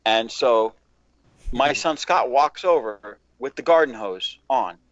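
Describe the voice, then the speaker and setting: A man's voice: mid-range voice, takes it slowly, dry recording. Man, profane storyteller, casual podcast chat, dull dry lo-fi sound. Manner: profane, animated storyteller, acts out quotes.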